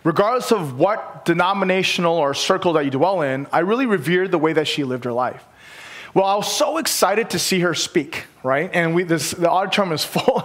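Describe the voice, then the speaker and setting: A man, a guest pastor, preaching a casual sermon that moves from hushed prayer to reading scripture and telling lively stories. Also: fairly high pitch, normal speed. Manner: casual, with fillers and restarts.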